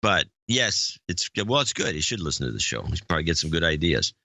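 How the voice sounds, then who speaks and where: A man's voice: extremely low pitch, very animated, fast, pushed and bright, dry recording, studio quality. A man co-hosting a podcast, chatting casually in a blunt, dismissive way. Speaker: podcast co-host. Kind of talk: casual chat.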